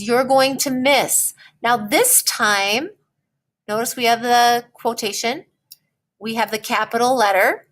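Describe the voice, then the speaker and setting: A woman teacher walks through a writing lesson at an unhurried, deliberate pace. Her voice sits a little on the high side. She keeps pausing to check in with her students. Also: fairly bright tone. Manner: slow, patient explaining with frequent "okay?" check-ins.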